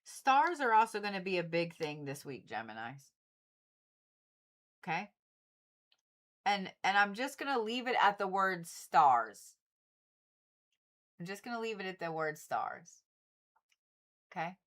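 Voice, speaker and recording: A woman reads zodiac forecasts on a livestream in a medium-pitched, slightly bright voice with big pitch swings, speaking at a measured pace and pausing often. She's casual and repetitive with viewers and swears freely.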